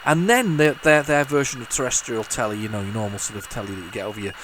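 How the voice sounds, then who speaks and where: A man talks over an old computer game in a loose, rambling way, tripping over his words and starting sentences again. His voice sits at a middle pitch. A faint hiss of noise runs under the recording. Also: fast talker, fairly bright tone. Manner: rambling, many restarts and repeated words. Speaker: retro gaming YouTuber. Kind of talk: casual commentary while playing.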